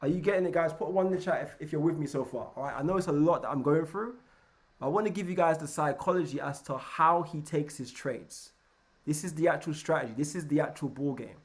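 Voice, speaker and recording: Male trading coach, lively and chatty, slightly higher voice, keeps checking in. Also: quick pace. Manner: energetic, keeps checking in with "right?"; repeats and restarts words. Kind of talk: live online trading lesson.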